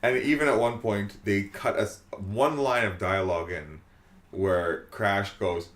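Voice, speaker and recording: A man's voice: lowish voice, unhurried, fairly bright tone. A man co-hosting a podcast, animatedly retelling film scenes and acting out the quotes. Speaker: podcast co-host. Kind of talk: casual film-review chat. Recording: roomy echo.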